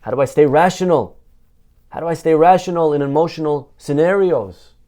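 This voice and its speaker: A man speaking as a rabbi in a Torah lesson sermon, animated, asking and answering his own rhetorical questions and repeating phrases for emphasis. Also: on the high side, normal speed.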